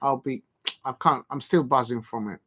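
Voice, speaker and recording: A man's voice: medium pitch, normal speed, fairly bright tone, breathy edge. A man hosting a casual live stream, rambling and joking, with the odd mock moan. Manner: rambling, jokey, prone to mock moaning.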